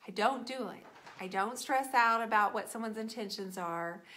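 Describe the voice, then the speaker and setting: At normal speed and medium pitch, a middle-aged woman keeps up casual conversation with her viewers during a furniture-painting session. Her tone is lively and playful, with teasing asides aimed at viewers by name.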